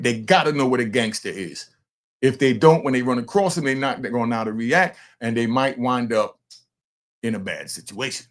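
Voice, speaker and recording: Talking directly to his viewers, a grandfather hosting a true crime show offers casual, streetwise commentary in a blunt, animated way. His medium-pitched voice is gravelly, a bit bright, with a breathy edge.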